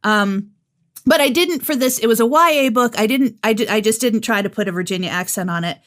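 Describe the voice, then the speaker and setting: A woman's voice: a little high, brisk, fairly bright tone. A woman co-hosting a podcast, a radio host and audiobook narrator, chatting and telling stories in a casual way. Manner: chatty, storytelling. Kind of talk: casual chat.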